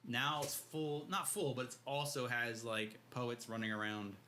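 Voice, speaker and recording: A man's voice: mid-range voice, fairly even intonation, a little slow, sharp tone, slight background noise. A man co-hosting a podcast, casually retelling a book's scenes in loose, slangy talk and acting out the characters' lines. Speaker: podcast co-host. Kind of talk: casual book discussion.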